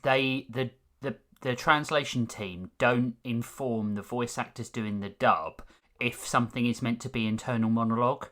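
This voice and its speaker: A man co-hosting a casual podcast chat, speaking in a chatty, animated way. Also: medium pitch, moderate pace. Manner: chatty, animated, acts out quotes. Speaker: podcast co-host.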